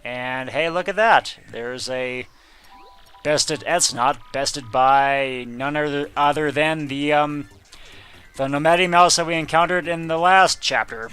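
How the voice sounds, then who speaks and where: Brief: male let's-play host, bright tone, joking and sarcastic. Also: on the high side, measured pace, smooth, soft background music. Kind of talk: gameplay commentary.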